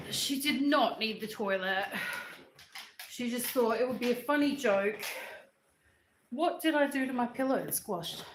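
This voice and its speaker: Slow, chatty woman livestreaming. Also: on the high side, echoey room, noisy background. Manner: chatty, coos and scolds her dog. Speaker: livestream host. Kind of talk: casual livestream chat. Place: at home, indoors.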